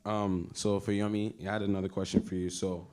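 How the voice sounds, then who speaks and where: Young man, very low voice, asking questions. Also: little pitch movement, fairly quick, dark tone. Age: young adult. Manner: polite, hesitant. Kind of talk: audience question.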